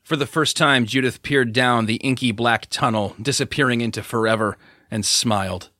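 A man narrating an audiobook in an even, expressive storytelling manner. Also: medium pitch, normal speed, dry recording, clean studio sound.

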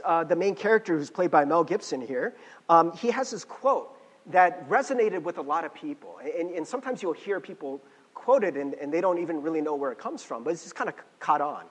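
A man with a notably high voice gives a classroom lecture, his pitch swinging widely as he talks. He keeps it conversational and often asks the room a quick "right?". His voice rings out with a long hall reverb. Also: lively intonation. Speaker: teacher.

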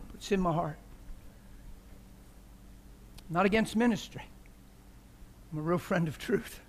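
A visiting preacher delivers a sermon in a church with a high-pitched voice. He's passionate and jokey, frequently laughing mid-sermon and shifting between quiet and loud.

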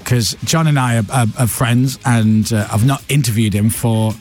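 A man hosting a morning radio show, chatting in a lively, animated way. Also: medium pitch, normal speed, faint music behind. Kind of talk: casual radio chat.

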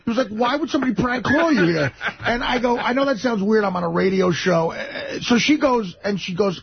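A man, a regular on a radio show, telling a story in animated casual talk, acting out the quotes and laughing through it. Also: high-pitched, brisk, vocal fry, husky. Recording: dull lo-fi radio broadcast.

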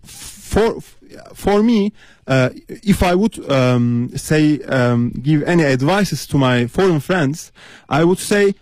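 A man's voice: a little high, animated, slow, a little mellow, dry recording. A man from Turkey, a guest on a radio interview, speaking earnestly with many hesitations. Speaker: studio guest. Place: radio studio.

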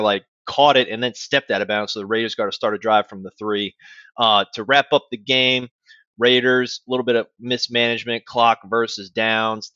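A man co-hosting a sports podcast, rambling through a game recap in a rapid, animated way with many restarts. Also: medium pitch, no room sound, muffled recording. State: out of breath. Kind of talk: casual sports chat.

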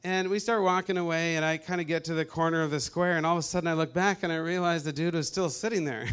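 Lively man telling a faith story. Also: fairly high pitch, quick pace, few pauses, clear, resonant tone. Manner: animated, laughs often, acts out quotes. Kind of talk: casual storytelling testimony.

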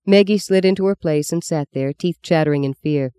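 An audiobook narrator reading a literary novel in an even, expressive storytelling manner. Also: mid-range voice, a little fast, clear, resonant tone, no echo, clean studio sound.

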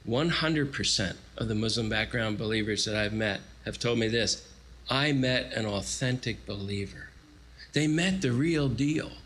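A man's voice: on the low side, a little slow, low-quality recording. A man in his forties preaching a sermon, telling stories animatedly and acting out quotes. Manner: animated storytelling with acted-out quotes. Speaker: guest preacher.

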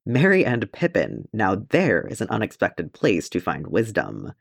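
A steady male ranger king, read by a man in an audiobook talks calmly and thoughtfully with a dry wit. The pitch moves about a lot. The sound is close and dry. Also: unhurried, vocal fry, slightly rough, no echo, heavily acted. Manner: calm and thoughtful. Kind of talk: audiobook character reading.

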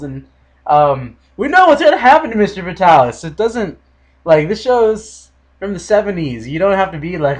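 A young man hosting a casual solo podcast, ranting with animated, exaggerated mock quotes. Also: high voice, moderate pace. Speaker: podcast host.

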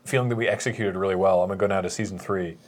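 Animated man recounting stories, laughing. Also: low-pitched, racing. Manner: animated storytelling with acted quotes and laughs. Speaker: podcast host. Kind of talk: casual chat.

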